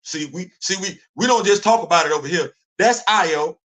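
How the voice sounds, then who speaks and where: Animated high-voiced male stream host. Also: moderate pace. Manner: animated, rhetorical questioning, repeats himself. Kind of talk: live stream commentary.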